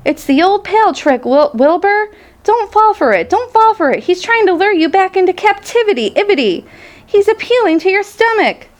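A woman's voice: very high-pitched, sing-song, moderate pace, voice pushed up. A woman voicing a bossy female barnyard goose that repeats her warnings. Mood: urgent, scolding. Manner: repeats words in urgent stutters.

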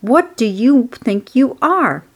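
A woman's voice: medium pitch, fairly even intonation, a little slow. A woman voicing a stern farm mother scolding her son in a storybook reading. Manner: sharp, commanding.

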